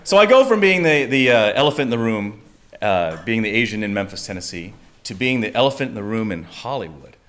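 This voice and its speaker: Speaking briskly, this man from the United States shares a personal story live on stage. His delivery is lively, full of laughter, and he slips into high-pitched voices to quote the people in his tale.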